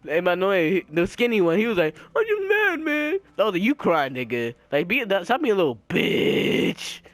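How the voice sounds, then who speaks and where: A young man telling a story in casual chat, slangy and profane, animated and laughing, acting out the people he quotes. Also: high-pitched, moderate pace, no room sound. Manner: slangy, profane, repeats filler "right?".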